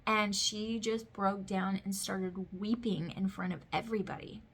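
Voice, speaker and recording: A husky woman in her thirties talks casually to the camera about her life, her mid-range voice keeping a fairly even intonation at a measured pace. She's a vlogger and mother of boys, telling stories emphatically and saying "like" a lot.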